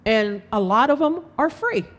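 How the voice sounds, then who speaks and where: Woman candidate, slow and emphatic, impassioned speech in a reverberant hall. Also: on the high side, expressive. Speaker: political candidate. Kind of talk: campaign speech. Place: event hall.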